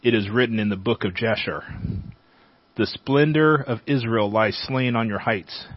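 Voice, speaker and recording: A man reading a Bible chapter aloud as a teacher, at a measured pace. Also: medium pitch, no room sound. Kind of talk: scripture reading. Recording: dull, dry lo-fi sound.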